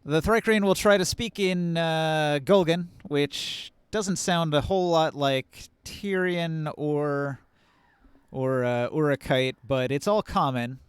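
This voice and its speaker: Smooth-voiced male game master. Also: a little high, takes it slowly, no echo. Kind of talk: narrating a tabletop game.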